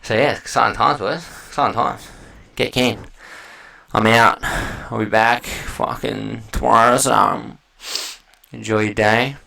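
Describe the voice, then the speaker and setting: A man's voice: medium pitch, fairly even intonation, unhurried, gravelly, bright, forceful tone, rough recording. An Australian man hosting a solo podcast, talking in a loose, rambling way with slang and heavy swearing. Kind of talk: casual rambling monologue.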